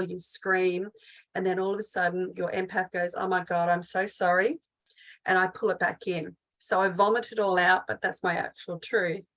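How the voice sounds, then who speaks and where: A middle-aged woman coaches her listeners through spiritual healing in a loose, unscripted talk. Her voice sits at an ordinary pitch for a woman, and she speaks earnestly, circling back with fillers and restarts. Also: a bit bright, poor audio. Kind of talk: unscripted teaching monologue.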